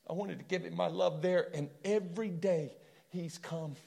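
A man voicing a broken, repentant king who speaks low and quietly in confession. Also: moderate pace, gravelly. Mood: weary, humbled. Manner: hushed, confessional.

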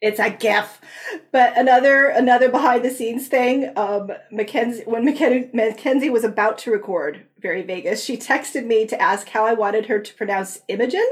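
A woman hosting a podcast in casual chat, talking in quick bursts and laughing often mid-sentence. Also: fairly high pitch. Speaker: podcast host and author.

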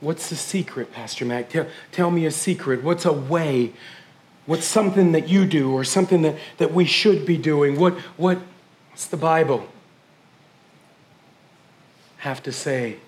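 A man preaching as pastor, emotional, calling his congregation family and swinging from hushed grief to shouted praise. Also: on the high side, normal speed, roomy sound. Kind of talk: sermon. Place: church sanctuary.

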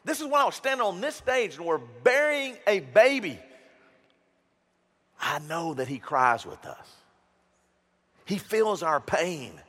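A man preaching a sermon as pastor, emphatic and animated, with jokes and stories. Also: sits high, measured pace, long pauses, in a large hall. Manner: animated, emphatic, joking storyteller.

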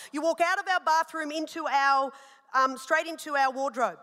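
A woman pastor in her thirties preaching a sermon, animated and personal, telling stories with rising emphasis. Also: sits high, normal speed. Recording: long hall reverb.

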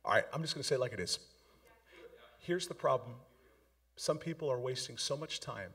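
A man's voice: mid-range voice, lively intonation, a little fast, a bit bright, slightly rough. A man preaching a sermon with impassioned, emphatic delivery.

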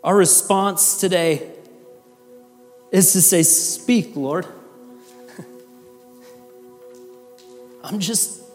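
Male pastor, high voice, earnest conversational sermon, long church reverb. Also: steady tone, extremely slow, long pauses, soft background music. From Iowa. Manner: earnest, conversational with fillers and restarts. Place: church sanctuary.

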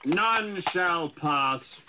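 A slow, stern knight. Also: male voice, on the high side, animated, background noise. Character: stubborn, menacing male knight guarding a bridge. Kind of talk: film comedy acting.

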